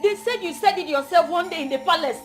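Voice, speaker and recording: A woman's voice: extremely high pitch, fast, reverberant, faint music behind. An actress playing a worried young sister who urges her brother not to do anything stupid, with a Nigerian accent. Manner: urgent, fretful. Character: worried young village sister, anxious and scolding.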